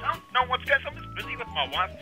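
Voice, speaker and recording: Man putting on a squeaky flustered prank caller. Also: sing-song, fast, over music.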